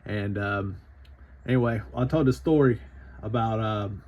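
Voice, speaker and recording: A man's voice: lowish voice, measured pace, muffled recording. A man in his thirties with an Appalachian Southern drawl, telling a casual anecdote in a rambling, profane way full of fillers. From Southern United States. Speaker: storytelling vlogger.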